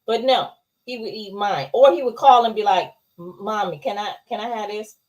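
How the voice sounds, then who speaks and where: A woman's voice: mid-range voice, moderate pace, recorded from a distance. A middle-aged woman co-hosting a casual TV review chat, telling chatty family stories. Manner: chatty, tells family stories with voiced quotes. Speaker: podcast co-host.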